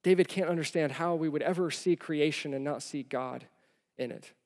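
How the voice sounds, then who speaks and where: Animated pastor preaching in a hall. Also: male voice, on the high side, moderate pace. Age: young adult to middle-aged, father of four. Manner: animated storytelling, swinging from loud to hushed. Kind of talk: sermon. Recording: long reverb of a large hall.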